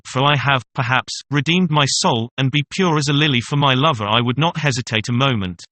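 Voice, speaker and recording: A sharp-tongued young mistress who mocks her older lover, read by a man. The voice is bright and clear, with a teasing, scornful edge. It is told as a classic audiobook tale. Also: mid-range voice, natural voice. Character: young woman, mocking kept mistress. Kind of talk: audiobook reading.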